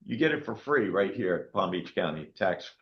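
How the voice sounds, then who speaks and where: A man in his sixties, a county clerk, telling stories to a meeting in an animated way and often checking in with "okay?". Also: deep voice, moderate pace, muffled recording. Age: 60s. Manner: animated storytelling, frequent "okay?" check-ins. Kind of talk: public meeting talk.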